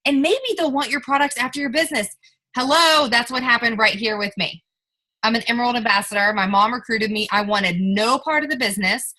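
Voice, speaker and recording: Young woman team leader, peppy pep-talk coach on a video call, bright and slightly high. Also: brisk, poor audio. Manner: upbeat, coaxing, role-plays scripted pitches to friends. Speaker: network marketing team leader. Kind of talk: motivational sales coaching on a group video call.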